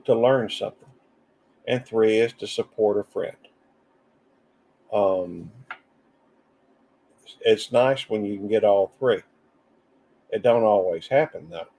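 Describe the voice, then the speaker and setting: A man's voice: fairly low pitch, mellow. A man with a Southern US accent hosting a live stream, chatting loosely and reading viewer comments as he rambles. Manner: rambling, drawling, reads chat comments aloud. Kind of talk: casual live stream chat.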